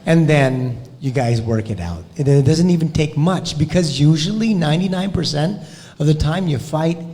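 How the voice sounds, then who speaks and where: A man speaking as a guest on a live podcast in a relaxed, chuckling way. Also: fairly high pitch, moderate pace, long reverb tail, slight background noise.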